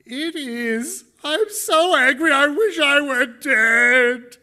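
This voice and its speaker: A man with an Australian accent voicing a whiny, self-pitying male prophet in a high, strained complaining voice. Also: slow, pushed and bright, exaggerated voice. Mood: furious.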